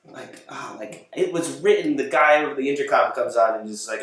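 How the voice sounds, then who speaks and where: A man's voice: medium pitch, fairly quick, few pauses, fairly bright tone. Guy hosting a talk show from his apartment, rambly, keeps correcting himself, chuckles mid-sentence, very echoey room, mic far away. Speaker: host of a home talk show. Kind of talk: casual late-show monologue.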